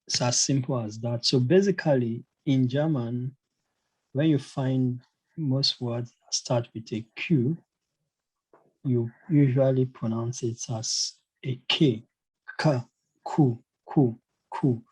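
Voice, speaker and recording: A man's voice: mid-range voice, steady tone, slow, a little mellow, slightly rough, poor audio. A man teaching a casual online language lesson, hesitant, with many fillers and restarts. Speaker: German teacher.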